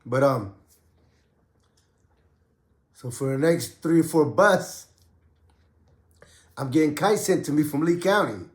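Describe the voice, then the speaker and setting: A man's voice: on the high side, expressive, slow pace, pauses often, echoey room. A man casually telling a story from his prison days in street slang, getting over a cough. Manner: street slang, loose and conversational. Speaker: podcast host and ex-prisoner.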